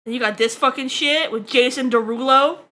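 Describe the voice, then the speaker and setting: A woman's voice: high voice, a little fast, pushed and bright. A woman livestreaming while she draws, chatting with her viewers in a crude, joking way. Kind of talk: casual stream chat while drawing.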